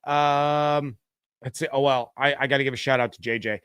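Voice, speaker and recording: A middle-aged man hosts a loose, chatty sports stream, working through viewer comments with plenty of "um"s and "uh"s. His voice sits at an ordinary middle pitch. The sound is dry and close, with no room in it. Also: fairly even intonation, moderate pace, fairly bright tone, clean tone, no room sound. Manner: chatty, reads viewer comments aloud with frequent fillers. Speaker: podcast host. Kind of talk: casual live-stream sports talk.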